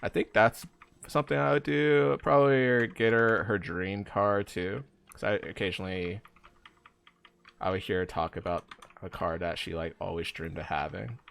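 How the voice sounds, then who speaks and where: Low-voiced young man rambling on stream. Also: fairly even intonation, moderate pace, gravelly, a bit bright, slight background noise. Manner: rambling, filler-heavy, talks to chat. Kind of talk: casual live-stream chat while gaming.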